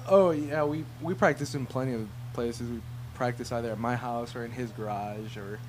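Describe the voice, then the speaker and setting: A man's voice: mid-range voice, moderate pace, noisy background. A man in a band, talking casually as a guest on a radio show, easygoing, with many fillers and laughs.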